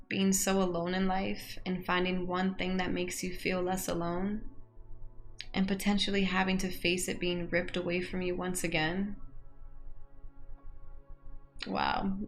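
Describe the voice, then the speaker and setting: A woman's voice: fairly low pitch, fairly bright tone. A young woman reading out game questions and reacting in a chatty way, laughing often and getting emotional. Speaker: gaming YouTuber.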